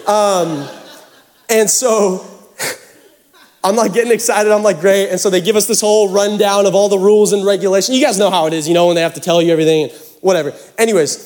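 A young male pastor from the Pacific Northwest, telling a camp story in a sermon with animated, self-mocking drama. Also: high-pitched, brisk. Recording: hall reverb.

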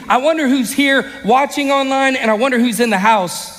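Male pastor, high voice, animated sermon with shouted peaks, recorded in a hall with long reverb. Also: fairly quick, few pauses. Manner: animated storytelling, bursts into shouts. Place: church sanctuary.

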